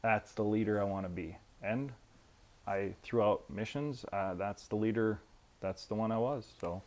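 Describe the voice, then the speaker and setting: A man in his fifties, a military veteran, telling stories in a profane, animated way and acting out quotes. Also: on the low side, moderate pace. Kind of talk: casual storytelling.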